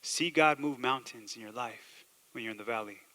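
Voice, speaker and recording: A man preaching a sermon as pastor, swinging between loud emphasis and quiet asides, joking with the congregation. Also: mid-range voice, normal speed. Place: church sanctuary. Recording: long hall reverb.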